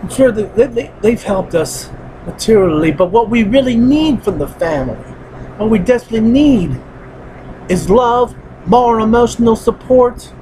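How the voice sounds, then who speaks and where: A man's voice: high voice, animated, moderate pace, mellow, slight background noise, poor audio. A man giving an earnest personal monologue, repeating his points in a heavy-hearted way. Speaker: vlogger.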